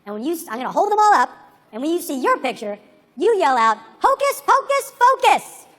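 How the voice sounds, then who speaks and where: Brief: comic doing a hustling male photographer, rapid salesy patter, lower and quicker, echoey live room. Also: sing-song, fairly bright tone, exaggerated voice. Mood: pushy pitch. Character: pushy fast-talking male photographer hustler. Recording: echoey venue with faint ambience.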